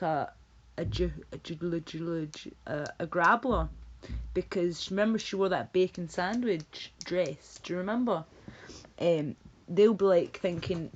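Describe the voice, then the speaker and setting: A woman livestreamer in casual, rambling chat, reading out chat messages and laughing often. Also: mid-range voice. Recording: dull lo-fi stream audio.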